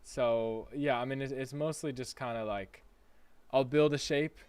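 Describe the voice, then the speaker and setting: A man chatting casually while livestreaming a building game, rambling and halting with lots of fillers and repeated words. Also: medium pitch, steady tone, darkish tone, smooth, no room sound. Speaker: Minecraft streamer.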